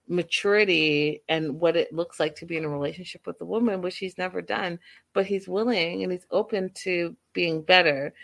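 A woman's voice: fairly low pitch, gravelly, a bit bright. A woman giving blunt, casual commentary on a relationship, acting out quoted lines as she goes.

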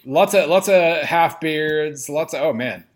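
A man's voice: a little high, measured pace. A man co-hosting a sports podcast, chatty and wry with rambling asides. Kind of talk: casual sports podcast chat.

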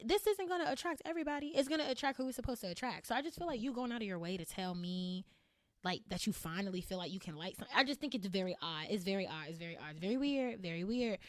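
A woman's voice: mid-range voice, no room sound, clean studio sound. A woman hosting her own podcast in a candid solo monologue, blunt and emphatic, repeating phrases for punch and swearing casually. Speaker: podcast host.

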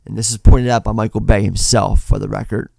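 A man's voice: fairly low pitch, level tone, a little fast, gravelly, mellow, no echo, studio quality. A man co-hosting a podcast, casually retelling a film scene by scene with plenty of swearing. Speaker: podcast co-host. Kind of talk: casual film-review chat.

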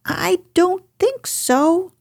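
A woman voicing a fussy male rabbit who hides in his burrow, speaking softly in a higher, prim voice. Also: lively intonation, extremely slow, creaky, dry recording, clean studio sound, full character voice. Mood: evasive.

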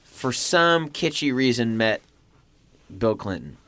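A man's voice: medium pitch, expressive, slow pace, fairly bright tone. A man from Oklahoma chatting casually, rambling and trailing off with lots of fillers. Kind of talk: casual chat.

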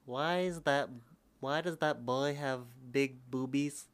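A man's voice: medium pitch, slow, clear, resonant tone, pitched above the performer's own voice, lightly acted. A man putting on the voice of a small boy who blurts innocent questions at his father. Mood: curious. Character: small curious boy asking his dad.

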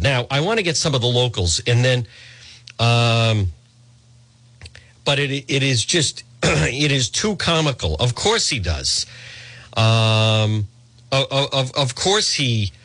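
Sardonic, lively talk radio host man. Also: medium pitch, no room sound. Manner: sardonic and mocking, clears throat often.

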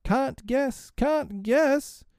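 Man doing a high crowing boy hero. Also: very slow, darkish tone, clear, resonant tone, no echo, clean studio sound, full character voice. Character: boastful boy hero, cocky and gleeful.

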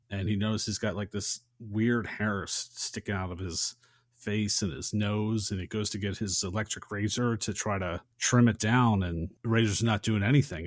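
A man's voice: fairly low pitch, no echo, clean studio sound. A man co-hosting a podcast, recapping a film scene in a casual chat with long chains of "and". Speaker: podcast co-host.

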